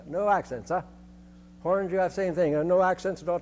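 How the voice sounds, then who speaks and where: An older man leads a band rehearsal in a fairly high voice, demonstrating rhythms by singing them on short syllables. He often repeats himself as he instructs the players. A faint hum sits under the recording. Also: a little fast, darkish tone. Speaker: band conductor.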